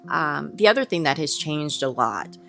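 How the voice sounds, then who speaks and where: A calm, measured woman, talking as a guest educator on a podcast. Her voice sits low, and soft music plays faintly behind her. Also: gravelly. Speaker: early childhood educator, guest. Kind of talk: podcast interview.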